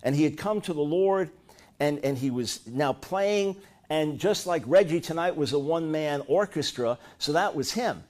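Middle-aged male preacher, high voice, lively storyteller, punches up quoted lines. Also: moderate pace. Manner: animated storytelling, rising to loud high-pitched bursts when acting out quotes. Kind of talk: sermon.

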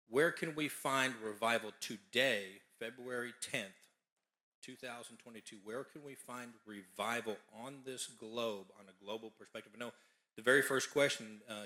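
A man's voice: medium pitch, sharp tone. A man from Hawaii, an audience member, chattily asking a question.

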